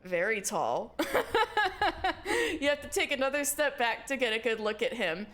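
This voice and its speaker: High-voiced giggly woman streamer. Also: moderate pace. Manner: giggly, excitable. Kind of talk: live game playthrough, reading text aloud.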